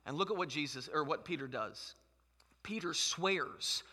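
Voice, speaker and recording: A man's voice: fairly high pitch, unhurried, pushed and bright, husky. A man preaching a sermon as pastor, emphatic and conversational, in a church hall. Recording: long hall reverb.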